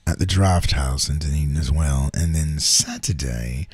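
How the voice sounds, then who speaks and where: A man chatting as a guest on a talk show, laid-back and quick to laugh. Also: extremely low pitch, a little mellow, slightly rough, no room sound. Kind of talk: casual talk show banter.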